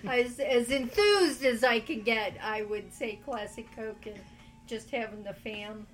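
A woman's voice: on the high side, a little slow, poor audio. A woman player chatting in a laid-back way. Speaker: tabletop game player. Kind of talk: casual chat.

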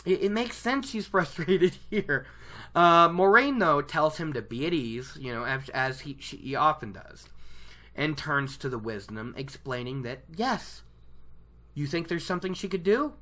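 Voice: medium pitch, animated, unhurried, bright, forceful tone. A speaker casually recapping a book chapter from home, chatty and rambling, often correcting themselves mid-sentence. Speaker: book reader discussing a chapter. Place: at home by a laptop.

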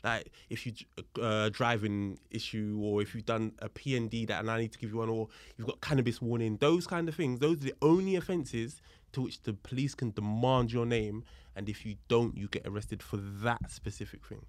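A man's voice: fairly low pitch, moderate pace, few pauses, no room sound. A man, a police officer, telling a story as a podcast guest, acting out both sides of a dialogue and explaining the legal points. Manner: lively retelling that acts out both sides of a dialogue. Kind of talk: casual storytelling in conversation.

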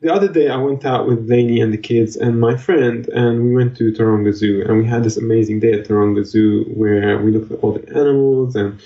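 A man's voice: medium pitch, fairly even intonation, fairly quick, hardly any pauses, recorded from a distance. A man chats on a podcast, telling long, joking stories. His voice sits a step back from the mic in a roomy space, with a dull, muffled tone. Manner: rambling storyteller, joking. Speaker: podcast co-host. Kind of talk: casual chat.

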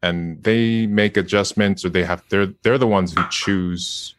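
A deep-voiced man talking in a casual interview, often laughing at himself and trailing off into fillers. His voice sits low and the sound is dry and close, with no room around it. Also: steady tone, unhurried, no echo. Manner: laughing, self-deprecating, hesitant with many fillers. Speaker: guest voice actor.

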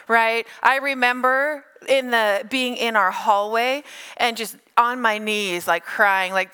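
A middle-aged woman pastor giving a sermon, animated and playful, telling stories with funny asides. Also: on the high side, measured pace, smooth.

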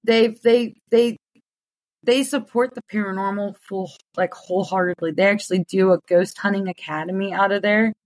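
A woman guest in casual conversation, talking excitedly with many "like" fillers. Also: medium pitch, moderate pace, dry recording, rough recording.

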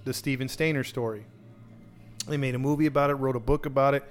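Man, podcast host, casual true crime storytelling, rambling, restarts, middle pitch. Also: steady tone, fast, soft background music. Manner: rambling, with many restarts and acted-out quotes.

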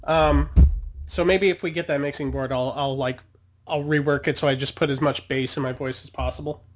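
A man's voice: fairly high pitch, steady tone, a little fast. A man hosting a podcast in casual chat, with a light tenor voice, rambling with fillers and restarts. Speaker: podcast host.

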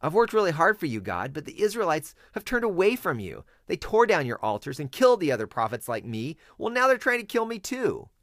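A man's voice: a little high, wildly swooping pitch, brisk, few pauses, fairly bright tone, no room sound, studio quality, voice pushed up, exaggerated voice. A man voicing a discouraged, weary male prophet who pleads in a raised, strained voice inside a Bible story he is telling. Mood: complaining.

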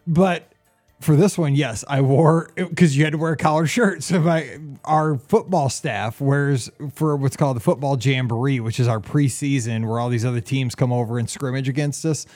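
A man and football coach, a podcast co-host, chatting casually with jokes and animated stories. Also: mid-range voice, normal speed, soft background music. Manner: jokey, animated storyteller, laughs often. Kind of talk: casual chat.

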